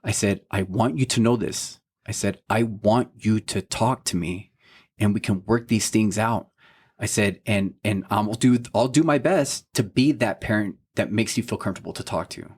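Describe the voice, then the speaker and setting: In casual podcast chat, a faith podcast co-host in his thirties recounts a story about his son with heartfelt, earnest parental warmth, quoting everyone involved and repeating "you know what I mean." He speaks at normal speed in a lowish, slightly rough voice.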